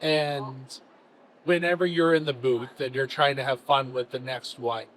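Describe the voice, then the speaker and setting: A man's voice: medium pitch, steady tone, measured pace, fairly bright tone, poor audio. Hesitant man fan asking a question. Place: convention panel room.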